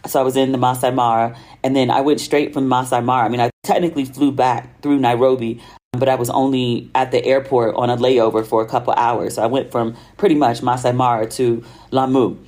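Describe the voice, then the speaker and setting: A woman's voice: rumbling low, little pitch movement, fairly quick, darkish tone. An American woman hosting her own podcast, telling a travel story in a chatty, casual way with slang and laughter. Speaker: podcast host. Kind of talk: casual solo podcast monologue.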